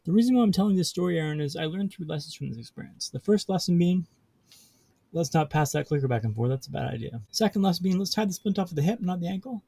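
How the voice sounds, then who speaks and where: A man's voice: a little high, gravelly, warm tone, slightly rough, no room sound. A man speaking as a podcast guest, telling a story dramatically with rhythmic repetition and wry humor.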